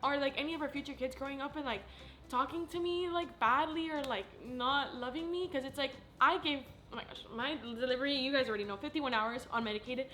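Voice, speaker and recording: A young woman, a new mother, chatting casually and emotionally in a vlog, effusive and quick to laugh. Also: sits high, bright, forceful tone, slight background noise. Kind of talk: casual chat.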